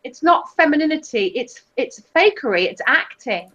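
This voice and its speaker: A woman's voice: sits high, very animated, moderate pace, fairly bright tone, lo-fi sound. A woman co-hosting a casual live-stream chat, blunt, teasing and opinionated. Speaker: co-host.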